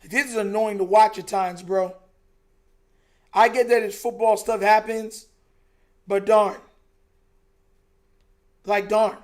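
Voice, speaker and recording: A man's voice: high voice, fairly even intonation, slow, long pauses. A young man hosting a live stream, reacting to a football game in casual, frustrated, emphatic chat. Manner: frustrated, emphatic, repeats himself, says "bro" a lot.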